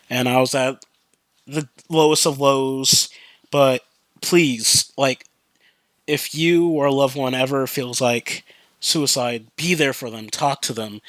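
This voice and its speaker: Chatty, bright-voiced young man. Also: medium pitch, no echo. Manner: loose, profane storytelling with many fillers; turns earnest and subdued on serious topics. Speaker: podcast host. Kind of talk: casual rambling monologue.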